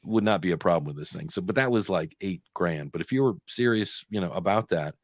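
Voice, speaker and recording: A man co-hosting a podcast live stream, telling stories in a chatty way and often pausing to hunt for the next word. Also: low-pitched, expressive, no echo, clean studio sound. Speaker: podcast co-host. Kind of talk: casual chat on a live stream.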